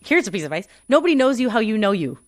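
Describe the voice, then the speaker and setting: A woman's voice: a little high, sing-song, racing, dry recording, studio quality. A woman who performs and coaches, talking earnestly in an interview, rambling a little and restarting her sentences often. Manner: earnest, rambling with many restarts and "you know". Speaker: performer and coach, podcast guest. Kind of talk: reflective interview conversation.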